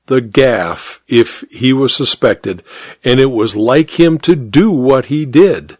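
A man narrating a story in an expressive, measured audiobook reading. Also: mid-range voice, no echo.

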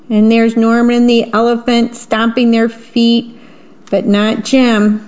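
A woman reads picture books aloud, describing the pictures between lines, in a slightly high, a little mellow voice. Her delivery is flat and slow, and the recording is dull and lo-fi.

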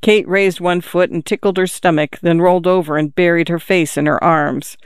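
An audiobook narrator reading a literary novel in a measured, even storytelling manner. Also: medium pitch, smooth, dry recording, studio quality.

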